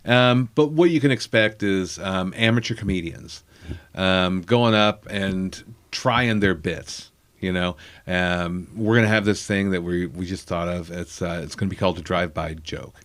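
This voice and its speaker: Man, fairly low voice, comedian guest, casual rambling anecdote, lots of fillers and asides. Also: moderate pace.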